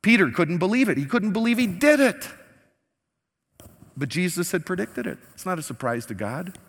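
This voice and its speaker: A man's voice: high-pitched, normal speed. Preaching man in a reverberant hall. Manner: animated storytelling, acting out quoted lines. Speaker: pastor. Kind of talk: sermon.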